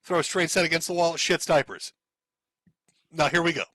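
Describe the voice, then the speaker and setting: A man's voice: fairly high pitch, normal speed, bright, forceful tone, no room sound, rough recording. A man streaming, giving sarcastic, profane commentary while reading out posts and chuckling often.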